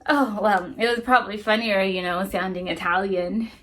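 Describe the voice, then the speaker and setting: A woman's voice: mid-range voice, little pitch movement, normal speed, natural voice. A woman doing a whispering, gossipy schoolgirl. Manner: conspiratorial hushed whispering. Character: gossipy witty sixth-grade girl.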